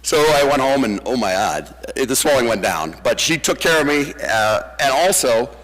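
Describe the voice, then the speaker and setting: A man telling lively stories at a memorial, acting out the quoted voices. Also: mid-range voice, moderate pace. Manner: animated storyteller, acts out the quoted voices. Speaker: eulogy speaker. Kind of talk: storytelling memorial tribute. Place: church sanctuary. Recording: long church reverb.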